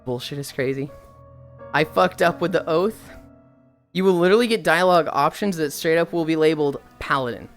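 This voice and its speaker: A young woman streamer chatting casually with her viewers, telling stories in an animated, profane way. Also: low voice, brisk, soft background music.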